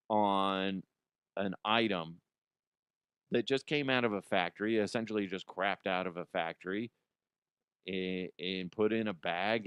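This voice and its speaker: A man's voice: medium pitch, a bit bright, clear, resonant tone, no echo, clean studio sound. A man hosting a comedy news podcast, chatting casually in a rambling way, swearing freely and restarting his sentences. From Colorado, USA.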